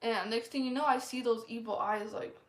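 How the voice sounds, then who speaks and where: A woman's voice: a little high, fairly even intonation, brisk. Earnest woman, echoey room. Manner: earnest, rambling, lots of "like" fillers. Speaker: vlogger sharing a testimony. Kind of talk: casual spoken testimony.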